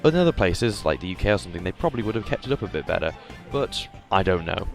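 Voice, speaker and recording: A young man from England narrates his photos in a chatty voice-over, pausing on fillers as he goes. His voice sits a little low, and faint music plays under it. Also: very animated. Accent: English. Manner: chatty, hesitant, lots of fillers. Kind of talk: casual voice-over commentary.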